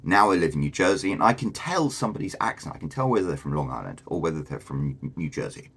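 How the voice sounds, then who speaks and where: Very deep, husky man. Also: very animated, fast talker, fairly bright tone. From England. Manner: chatty, thinks aloud with many fillers and restarts. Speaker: vlogger. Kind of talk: casual explanatory talk to camera.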